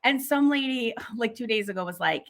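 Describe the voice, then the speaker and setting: A woman's voice: on the high side, lively intonation, a little fast, a bit bright. A middle-aged woman hosting an online art class live stream, chatting casually and enthusiastically with viewers and laughing often. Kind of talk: casual live-stream chat reading comments.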